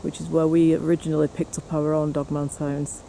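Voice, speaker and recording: Man, high voice, mellow tone, chatty vlog narration, outdoors, faint wind noise. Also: completely flat delivery, a little fast, gravelly. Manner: chatty, teasing, talks to camera. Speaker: paranormal investigator vlogger. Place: outdoors on a windy hill and in woods.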